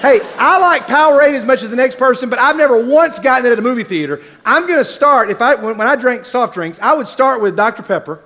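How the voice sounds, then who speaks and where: A man's voice: very high-pitched, fast talker, few pauses, some chatter behind, a little hiss or hum. A middle-aged man from Middle Tennessee, telling a comic story in a sermon as a university speaker, acting out the people in it. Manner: animated, comic storyteller who acts out characters.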